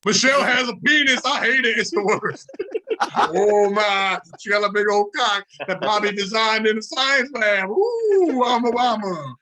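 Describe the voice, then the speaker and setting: A man on a comedy podcast doing a loud, hammy impression of a president, drawn out and shouted. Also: high voice, animated, a little slow, heavily acted. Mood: absurd. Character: booming mock-presidential man hamming it up.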